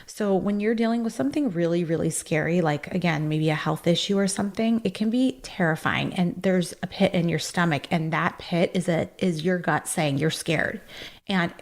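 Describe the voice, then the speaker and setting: A woman with a somewhat low voice hosts a self-help podcast. She talks in an earnest, encouraging way, full of fillers and little asides as she coaches her listeners. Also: moderate pace. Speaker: podcast host.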